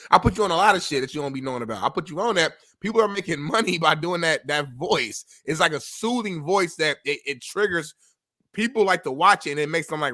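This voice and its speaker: A man co-hosting a talk show who joins the debate in a relaxed, joking, plainspoken way. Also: a little high. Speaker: show co-host.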